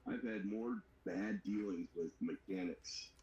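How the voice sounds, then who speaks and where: Low-voiced male co-host, rambling casual chat, dull roomy sound. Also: unhurried, mellow. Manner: rambling, stop-start talk with restarts. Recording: dull roomy livestream audio with faint noise.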